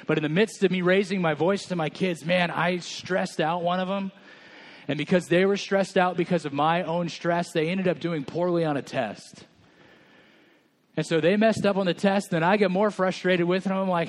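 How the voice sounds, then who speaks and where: A man's voice: high voice, fairly even intonation, a little fast. A male senior pastor in his thirties preaching a candid, conversational sermon in a church, open about his own failings. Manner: candid, conversational, self-deprecating.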